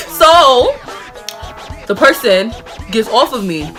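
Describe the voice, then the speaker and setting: Animated high-voiced woman telling a story. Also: normal speed, music in the background. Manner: dramatic, slangy, acts out the moments. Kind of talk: casual storytime.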